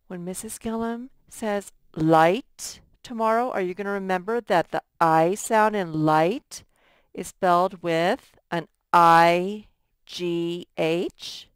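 A woman with a slightly low, smooth voice teaches a first grade lesson at an unhurried pace. She sounds out letters and stretches words patiently. The sound is dry and close. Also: no echo. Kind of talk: recorded lesson for young students.

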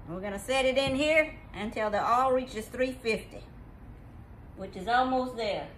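A woman hosting a casual cooking demonstration in a home kitchen, folksy and exuberant, breaking into high whoops. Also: moderate pace, a bit bright, a little hiss or hum, rough recording. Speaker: cooking show host.

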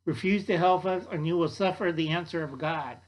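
A man's voice: fairly high pitch, a little fast, lightly acted, rough recording. A man voicing a stern, preachy, gun-toting nun in a raised voice.

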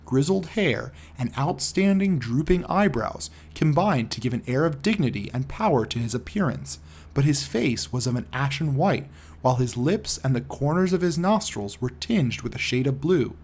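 A man narrates a classic detective story with a steady, unhurried reading. His voice is husky and somewhat breathy, sitting in an ordinary middle pitch. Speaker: audiobook narrator.

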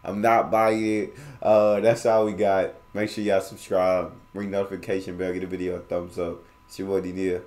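A man's voice: deep voice, level tone, normal speed, few pauses, a little mellow. A man from the United States hosting a reaction video, talking in a slangy, playful, teasing way and repeating words back. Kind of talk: casual reaction commentary.

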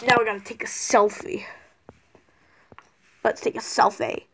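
A woman's voice: medium pitch, fairly even intonation, a little slow, a bit bright, slightly rough. A woman voicing a spoiled, whiny young male turtle prince who pleads and gushes in a homemade toy skit. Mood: excited.

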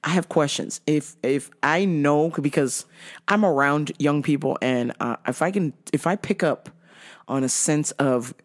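A woman hosting a podcast, telling stories in a loud, profane, laugh-filled casual rant. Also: deep voice, unhurried. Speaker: podcast host.

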